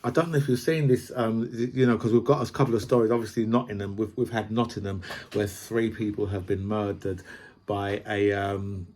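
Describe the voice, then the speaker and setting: Husky man ranting about politics. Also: lowish voice, little pitch movement, fairly quick, a little mellow. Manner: swears freely, builds long analogies, repeats "right?". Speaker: podcast host. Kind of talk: opinionated political rant.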